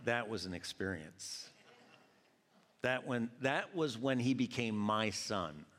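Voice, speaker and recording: A man from Georgia preaching a sermon, telling animated stories and acting out quoted voices. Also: fairly low pitch, slow pace. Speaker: pastor. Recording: long hall reverb.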